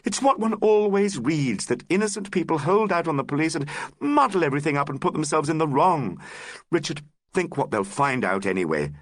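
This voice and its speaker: A man's voice: fairly high pitch, very animated, fairly quick, no echo, pitched above the performer's own voice. A man reading an anxious young woman in an audiobook, pleading urgently with her lover.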